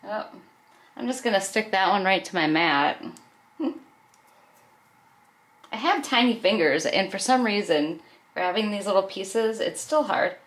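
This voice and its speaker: A woman's voice: medium pitch, expressive, unhurried, long pauses. Chatty woman narrating a craft project. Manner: chatty, narrates each step, soft laughs. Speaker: craft video host. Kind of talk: casual craft tutorial voice-over.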